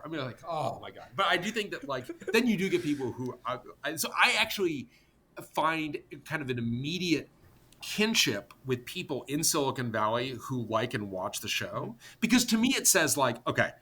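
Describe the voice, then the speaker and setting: Forceful, husky-voiced man telling a story. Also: medium pitch, big pitch swings. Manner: emphatic and exasperated, blunt with occasional profanity; talks in rapid bursts with many restarts and fillers. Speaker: podcast guest, tech company co-founder. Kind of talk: animated storytelling in conversation.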